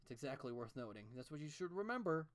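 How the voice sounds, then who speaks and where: This art streamer has a voice of middling pitch and talks into a desk mic while drawing at home. They wander off into long, profane rants, backtracking and restarting sentences as the thoughts come. The delivery is loose and conversational. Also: sing-song, quick pace. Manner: rambling, profane, ranting with restarts. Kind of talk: casual rambling commentary while drawing.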